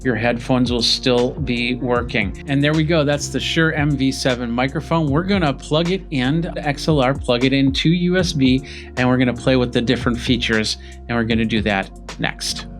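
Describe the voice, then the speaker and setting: A tech reviewer with a medium-pitched voice demonstrates a product at a moderate pace, explaining each step and using fillers as he goes. He speaks close into a studio podcast mic while soft music plays behind him.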